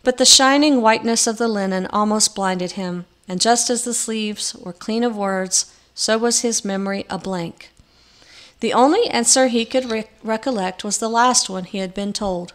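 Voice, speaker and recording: Woman narrator for a storybook reading, measured and expressive, mid-range pitch.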